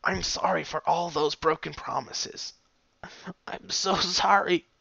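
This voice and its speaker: A man voicing a grieving young female pegasus pony in a fan fiction reading, speaking quietly with a halting, breaking voice. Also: a little high, expressive, creaky, dry recording, highs cut off, pitched above the performer's own voice, full character voice. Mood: grieving, tearful. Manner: quiet, halting, broken speech. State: tearful, voice cracking.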